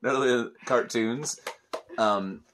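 A man's voice: mid-range voice, extremely slow, heavy background noise. A middle-aged man hosting a casual toy review, explaining things patiently and chuckling often. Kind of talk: casual chat.

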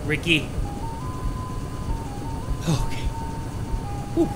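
A man hosting a horror game video, making excitable, joking commentary and yelping when startled. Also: extremely high pitch, measured pace, long pauses, over music. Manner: excitable, jokey, loud startled yelps. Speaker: gaming video host.

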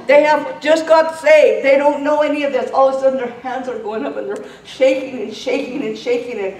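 A woman preaching a sermon in a fervent manner, her storytelling rising into shouted prayer. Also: sits high, slight background noise. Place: church sanctuary. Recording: roomy church sound from a distance.

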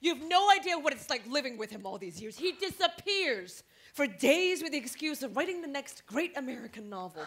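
A woman's voice: big pitch swings, brisk, fairly bright tone, full character voice. A woman acting as a scheming wife who poisoned her husband, sugary and falsely sweet, in a live stage musical. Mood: shrill, defensive. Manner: sugary and falsely sweet, turns shrill when cornered.

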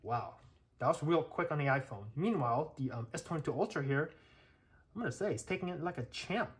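On the high side with lively intonation, this tech reviewer talks briskly through a casual hands-on test on camera. He narrates each step, thinking aloud and checking things, with plenty of fillers.

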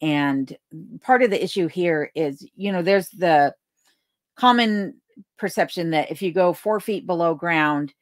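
Lady doing a relaxed livestream q&a from home, lowish voice, dry close mic, reads comments and thanks folks. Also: measured pace, no room sound. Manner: chatty, thanks viewers by name, laughs easily. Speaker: livestream host. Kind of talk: casual livestream chat, reading viewer comments. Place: home in remote snowy Alaska. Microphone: desk microphone.

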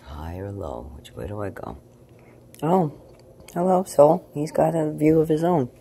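Low-voiced woman cooing at her cat. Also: big pitch swings, normal speed, dark tone, slight background noise. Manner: swings between low murmurs and cooing talk to her cat. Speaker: vlogger. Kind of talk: casual night-time video diary. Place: her apartment at night.

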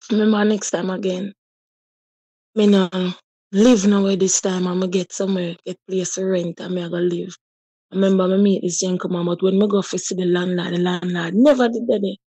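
This personal testimony comes from a woman in her thirties with a Jamaican accent and a husky, mellow voice, who speaks with deep feeling and slips into patois. The recording is dry and close.

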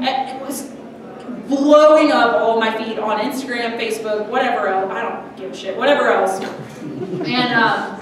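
A woman's voice: a little high, moderate pace. A young woman doing a stand-up comedy set in a small restaurant, chatty and giggly, swearing freely. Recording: echoey room, mic from far off, crowd noise. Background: audience reacting.

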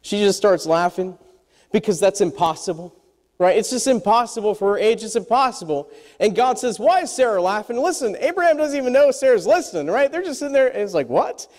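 Lively high-voiced preacher in a reverberant hall. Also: male voice, fairly quick. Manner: animated, asks the congregation questions. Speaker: pastor. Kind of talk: sermon.

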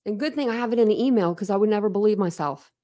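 A woman's voice: mid-range voice, rapid-fire, warm tone. A woman hosting a casual livestream, rambling candidly to her chat, laughing often and poking fun at herself. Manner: laughs often, self-deprecating. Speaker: livestream host.

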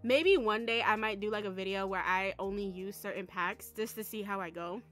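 A young woman vlogging casually about a life-simulation game, excitable and rambling, with lots of fillers. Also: mid-range voice, a little fast, soft background music. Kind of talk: casual chat.

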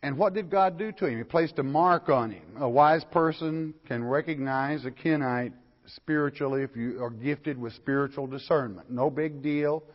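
A man's voice: mid-range voice, moderate pace. An older man, lecturing on scripture as a pastor, folksy and asking his listeners questions. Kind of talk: verse-by-verse Bible lecture. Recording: lo-fi recording in a hall.

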